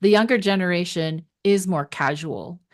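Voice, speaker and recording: Older lady hosting a podcast, kinda low voice, lots of yeahs and yeses. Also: normal speed. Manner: chatty, agreeable, frequent affirmations. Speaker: podcast host. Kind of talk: casual podcast interview.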